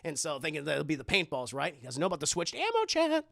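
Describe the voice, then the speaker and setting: A man's voice: fairly high pitch, wildly swooping pitch, quick pace, gravelly, fairly bright tone, no room sound, clean studio sound. A man casually retelling a horror movie to a livestream chat, rambling and profane, often talking straight to the viewers. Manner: rambling, profane, talks to chat, many restarts. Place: home streaming setup.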